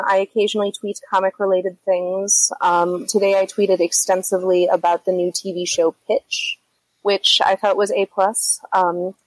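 A woman's voice: medium pitch, no echo, poor audio. Upbeat woman podcast guest. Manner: self-deprecating and upbeat. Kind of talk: casual podcast chat.

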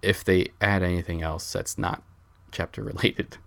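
A man's voice: sits low, fairly even intonation, normal speed, vocal fry, fairly bright tone, dry recording. A man speaking as a podcast guest in casual chat, joking and swearing freely.

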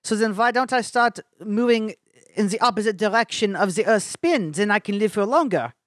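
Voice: mid-range voice, a little fast, a bit bright, no echo, studio quality, voice pushed up, lightly acted. A podcaster putting on a mock German accent to play a pondering, self-satisfied Einstein.

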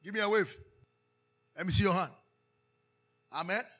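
A man's voice: sits high, moderate pace, pushed and bright, breathy edge. A man with a Ghanaian accent preaching a sermon as pastor, calling out questions for the congregation to answer and slipping into Twi. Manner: preaching with call-and-response questions, switching into Twi.

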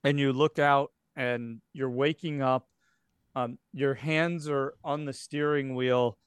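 A man's voice: medium pitch, steady tone, slow pace, clean tone, no echo, studio quality. A man running a tabletop game as game master, narrating scenes in a rambling way with many fillers. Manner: rambling, filler-heavy storytelling.

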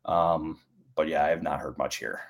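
Male podcast guest, low voice, casual and hedging, plenty of fillers. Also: fairly even intonation, normal speed, vocal fry. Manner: conversational, hedging with "like" and "um". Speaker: baseball insider guest.

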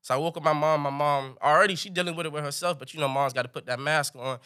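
Bright-voiced, animated male storyteller. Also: fast talker, clear, resonant tone. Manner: animated, swings into high excited pitch for punchlines. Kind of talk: comic storytelling.

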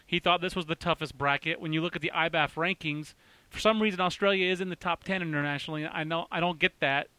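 A man hosting a casual baseball chat, talking fast and excitedly with lots of restarts. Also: a little high, clean tone, no room sound. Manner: excitable, rapid, full of restarts. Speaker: baseball podcast host.

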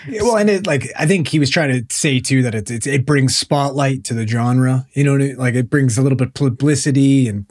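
A man's voice: mid-range voice, brisk, hardly any pauses, a little mellow. A man co-hosting a podcast, chiming in with emphatic jokes in casual chat. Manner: emphatic, joking. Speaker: podcast co-host.

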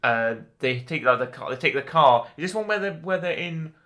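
A man co-hosting a casual film chat, retelling scenes in a halting, chatty way and acting out quoted lines. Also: a little high, animated, fairly bright tone. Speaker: podcast co-host.

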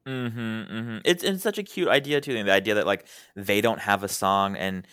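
A woman's voice: a bass voice, normal speed, fairly bright tone, clean tone, no room sound, studio quality. A young adult woman co-hosting a casual podcast chat, giggly and playful, with lots of "like". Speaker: podcast co-host.

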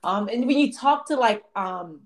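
A woman's voice: medium pitch, animated, moderate pace. A woman in her thirties, a guest on a casual podcast, speaking candidly with fillers and the occasional stutter. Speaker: guest scientist.

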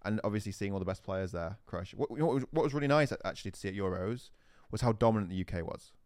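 A man's voice: fairly low pitch, lively intonation, quick pace, a little mellow, no room sound, clean studio sound. A man co-hosting a gaming podcast, explaining things emphatically in casual chat. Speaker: podcast co-host.

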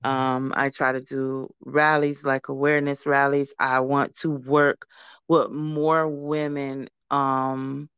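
A woman's voice: rumbling low, slow, clear, resonant tone, no echo, dull audio. A woman guest in a casual interview, speaking earnestly and acting out other people's voices as she tells her story. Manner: earnest, animated, acts out quoted voices. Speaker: guest, founder of a support program.

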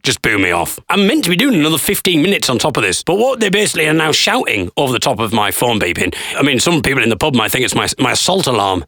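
Wry man with a gravelly edge. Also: medium pitch, fast talker, few pauses, dry recording, studio quality. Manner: wry, animated retelling. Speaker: stand-up comedian. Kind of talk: voice-over commentary on a gig recording.

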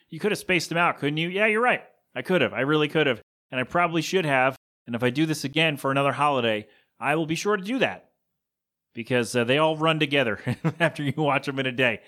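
A man with a medium-pitched, fairly bright voice hosts a podcast, rambling through a casual chat and poking fun at himself along the way.

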